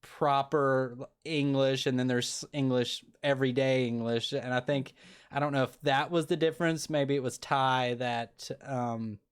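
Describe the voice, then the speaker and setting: A man's voice: mid-range voice, fairly even intonation, measured pace, smooth. A man hosting an interview podcast, talking in an easygoing, rambling way. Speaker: podcast host. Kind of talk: casual interview chat.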